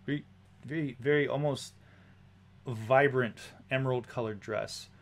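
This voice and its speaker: A man's voice: mid-range voice, a little slow. A man narrating a tabletop game as game master, describing scenes with hesitant fillers.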